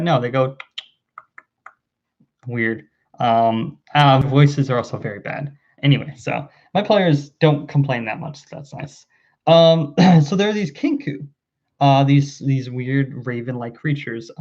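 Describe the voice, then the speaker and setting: A man, a dungeon master, casually recapping his campaign in a rambling, self-deprecating, amused way. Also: medium pitch. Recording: slightly dull lo-fi audio.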